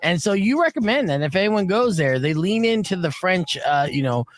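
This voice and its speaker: A man's voice: high-pitched, very animated, moderate pace. A man hosting live radio from a studio, loose and upbeat, rambling with fillers. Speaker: radio show host.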